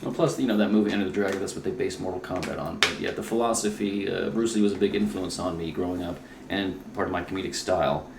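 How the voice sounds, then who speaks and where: A comedian chats as a podcast guest in his own home with a very low, deep male voice. He talks loosely and mocks himself, swearing now and then, and the room gives the voice a clear echo over a faint hiss. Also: steady tone, quick pace. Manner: self-mocking, loose storyteller with profanity. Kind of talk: casual podcast chat.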